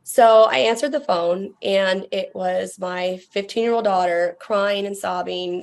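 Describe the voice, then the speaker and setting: A woman's voice: medium pitch, a little slow, gravelly, few pauses, a little mellow. A woman giving recorded testimony about a scam call, in a direct, earnest manner.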